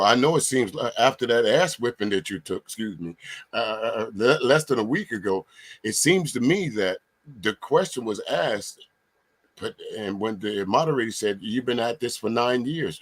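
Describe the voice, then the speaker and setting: A man hosting a comedic livestream panel, asking long winding questions with many fillers and restarts. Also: mid-range voice. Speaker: livestream host. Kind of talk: casual comedic panel chat.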